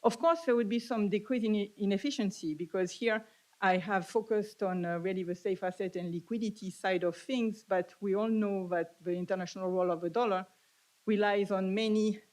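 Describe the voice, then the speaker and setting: A middle-aged woman with a French accent gives an academic talk at a conference. She speaks haltingly, filling pauses with hesitations and restarting her phrases, at a middling pitch. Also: a little mellow, rough recording. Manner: halting, with frequent "uh" fillers and restarts.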